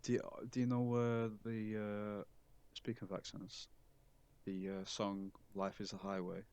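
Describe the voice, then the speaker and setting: Casting note: young northern English lad, lowish voice, hesitant, giggly co-host. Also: male voice, monotone, measured pace, a little mellow, clear, resonant tone. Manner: hesitant, lots of fillers and restarts, giggly. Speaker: podcast co-host. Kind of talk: casual chat.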